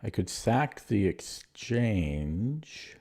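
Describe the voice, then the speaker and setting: A man streaming chess, thinking aloud in a low-key, muttering way as he works through puzzles and questions his own moves. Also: sing-song, drawn-out words, mellow. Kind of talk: casual thinking aloud while solving puzzles.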